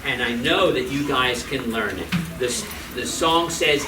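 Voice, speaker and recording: Lively guy telling a folk tale to kids, far from mic, noisy room. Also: mid-range voice, moderate pace, echoey room. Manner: lively, animated, asks the audience questions. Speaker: storyteller and children's singer. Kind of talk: storytelling and singalong for children.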